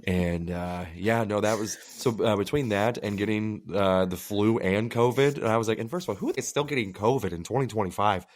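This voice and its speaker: A man co-hosting a casual podcast, telling crude, animated stories and acting out the people in them. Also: on the low side, fairly quick, hardly any pauses. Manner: animated storytelling with acted-out quotes; crude joking. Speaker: podcast co-host. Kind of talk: casual chat.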